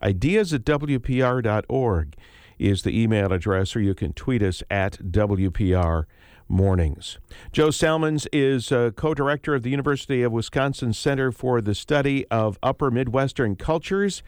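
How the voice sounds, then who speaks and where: A man hosting a public radio morning talk show, measured and friendly, asking questions with small fillers. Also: mid-range voice, a little mellow, smooth, no echo, studio quality.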